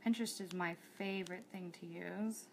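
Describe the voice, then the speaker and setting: A woman's voice: fairly low pitch, steady tone, normal speed, creaky. A woman hosting a cake decorating tutorial livestream, bubbly and chatty, thinking aloud as she works.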